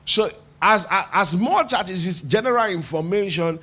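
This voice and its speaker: A man's voice: high-pitched, lively intonation, normal speed, bright, forceful tone, breathy edge. A man with a Nigerian English accent preaching a sermon as pastor, talking conversationally, asking the congregation questions and repeating phrases for emphasis.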